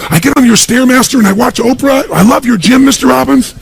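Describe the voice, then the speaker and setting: A man's voice: fast talker, vocal fry, husky, full character voice. A man voicing a female housemaid who gushes with breathless delight in a raised, effusive voice during a live talk. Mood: gushing. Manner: breathless, effusive, high-pitched gushing.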